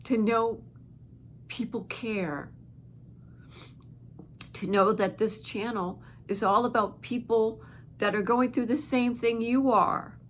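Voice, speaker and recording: A woman hosting her own channel, speaking slowly, gently and from the heart to viewers who are going through an illness. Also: fairly high pitch, steady tone, a little hiss or hum. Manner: slow, gentle and heartfelt, with pauses. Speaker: channel host. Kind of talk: encouraging direct-to-camera talk.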